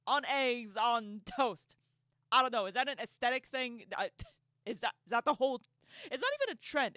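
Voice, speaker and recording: A woman talks through a casual reaction commentary with sarcasm and frequent laughter. Her pitch swings widely as she rants, often tripping over repeated words. The sound is dry and close, with no room echo. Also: fairly bright tone. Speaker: online commentator.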